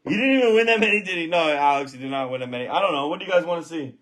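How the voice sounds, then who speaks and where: Loud, swearing male box break host, high and bright voice, swings wildly in pitch, bursts into shouts. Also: racing, hardly any pauses. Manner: excitable, profane, shouts at big pulls. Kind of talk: live box break stream commentary.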